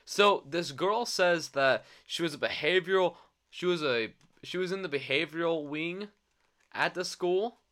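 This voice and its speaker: A man's voice: on the high side, measured pace, pushed and bright. A young man co-hosting a podcast in casual chat, crude and joking, often laughing. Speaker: podcast co-host.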